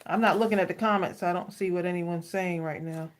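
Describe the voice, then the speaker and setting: A woman's voice: lowish voice, fairly even intonation, fast. A woman from Long Island with a slight New York accent, chatting casually and laughing as she crafts on a live stream. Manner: chatty, laughs often, says y'all. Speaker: co-host crafter.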